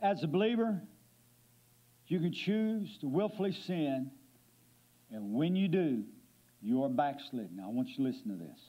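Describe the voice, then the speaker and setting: A man with a high voice preaches a sermon in a church, emphatic and full of questions to the congregation. The recording is dull and lo-fi, as in a church recording. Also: expressive, normal speed, pauses often. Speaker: guest preacher. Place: church sanctuary.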